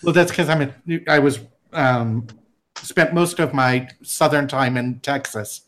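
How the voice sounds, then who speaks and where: A man's voice: mid-range voice, measured pace, fairly bright tone, poor audio. A man chatting as a podcast guest, telling a rambling story with frequent restarts. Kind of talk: casual chat.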